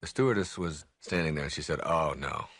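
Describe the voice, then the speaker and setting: A man with a fairly low voice gives a motivational talk. He tells personal stories with lively energy and acts out the people he quotes. He often stops and restarts his sentences as he goes. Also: fast. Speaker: motivational speaker.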